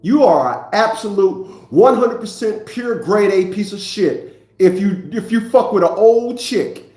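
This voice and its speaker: A man's voice: high-pitched, animated, unhurried, a little mellow, echoey room. A man in his fifties ranting in a preachy, profane monologue, often repeating himself. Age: 50s. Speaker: vlogger.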